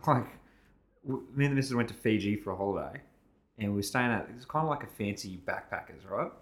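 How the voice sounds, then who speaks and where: An Australian podcast co-host in his thirties, with a fairly low voice and fast delivery, tells a story during casual conversation. He animatedly acts out the other people involved, raising his voice to play both sides.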